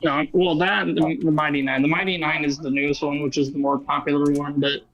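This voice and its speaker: A man's voice: on the high side, little pitch movement, a little fast, a bit bright, muffled recording. A man with a slight Southern American accent, chatting with friends over voice chat in a rambling way, full of fillers. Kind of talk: casual chat.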